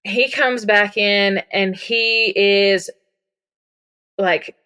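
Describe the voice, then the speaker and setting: A woman's voice: mid-range voice, fairly even intonation, very slow, sharp tone, clean tone. A woman casually telling a personal story, acting out quoted lines in a raised voice. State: recovering from memory loss and daily headaches. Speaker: guest telling her story.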